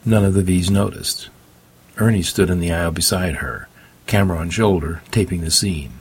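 A male narrator reads a first-person story with a dry, wry touch. His voice is deep and strongly husky. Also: normal speed. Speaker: audiobook narrator.

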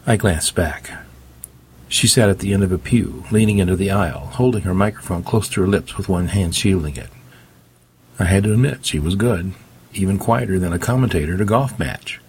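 A man's voice: low-pitched, brisk, a little mellow, slight background noise. A man narrating a first-person audiobook story in a dry, wry way.

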